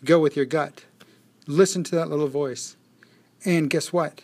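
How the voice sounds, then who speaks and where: A man giving a casual daily motivational monologue, reflective, often repeating phrases and shifting his pace. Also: a little high.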